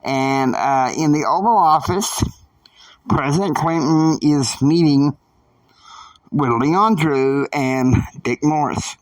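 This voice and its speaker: A man narrating an improvised family saga in a halting, rambling way, full of fillers, recorded dry from a distant mic. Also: fairly high pitch, no echo. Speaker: storyteller.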